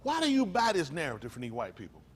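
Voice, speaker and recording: A male pastor preaching a sermon to his congregation, fiery and slangy, firing rhetorical questions at the room and swinging from low mutters to sudden loud bursts. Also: huge pitch swings, fast talker, breathy edge.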